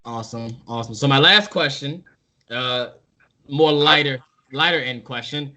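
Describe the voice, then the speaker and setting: A man's voice: mid-range voice, moderate pace, sharp tone. A man hosting a podcast who asks his guest questions in an upbeat way. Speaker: podcast host. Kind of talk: casual interview questions.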